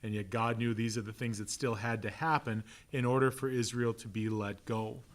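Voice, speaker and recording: In a church classroom, a pastor leads an easygoing Bible study, cracking jokes and asking "right?" again and again. He's a man with a mid-range voice and an Upper Midwest American accent who slips into quick character voices.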